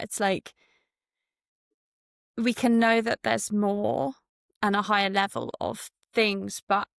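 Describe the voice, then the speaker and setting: A woman's voice: mid-range voice, gravelly, fairly bright tone, no echo, studio quality. A woman hosting a podcast, explaining an idea in casual conversation. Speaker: podcast host.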